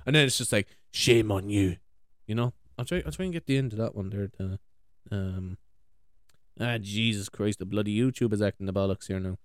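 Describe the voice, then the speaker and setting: A man's voice: on the low side, fairly quick, clear, resonant tone, no room sound, clean studio sound. An Irish man hosting a show, chatting casually in a rambling, sweary way and laughing easily. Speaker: podcast host. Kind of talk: casual chat.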